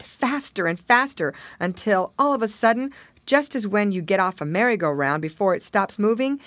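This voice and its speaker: A woman narrating a children's storybook in a playful, expressive manner. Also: mid-range voice, no room sound. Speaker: audiobook reader.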